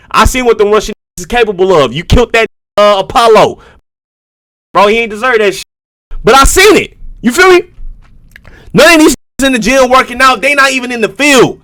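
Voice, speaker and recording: A man's voice: sits high, expressive, brisk, bright, forceful tone. A man streamer reacting live to videos, talking in a loose, slangy and profane way with frequent asides to his viewers.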